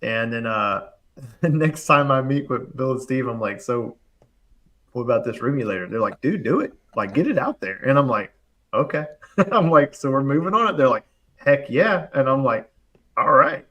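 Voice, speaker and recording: A man in casual conversation, telling a story with lots of energy. He throws in fillers and quick acted-out quotes, and his voice sits at a middle pitch. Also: lo-fi sound. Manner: animated, fast storytelling full of "like" and acted-out quotes. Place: live online show, remote.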